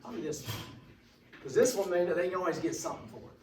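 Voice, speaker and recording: A man with a high voice, lively intonation, and fast delivery teaches a class, rambling in a folksy way and cracking corny jokes. The lecture is recorded in a noisy, echoey room with the mic far off.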